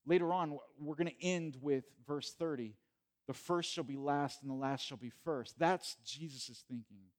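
Male pastor preaching in church, conversational, stumbles over words, builds to emphatic peaks. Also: a little high. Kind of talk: sermon.

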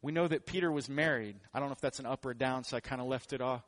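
A man's voice: mid-range voice, fast, a bit bright, slight background noise. A man preaching a sermon in a joking, conversational way. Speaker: pastor.

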